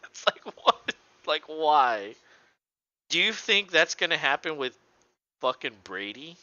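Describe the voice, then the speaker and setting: A man's voice: fairly high pitch, takes it slowly, no room sound, muffled recording. A man co-hosting a sports podcast, ranting casually with lots of swearing and mocking impressions. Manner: animated, profane ranting with mocking voices. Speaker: podcast co-host.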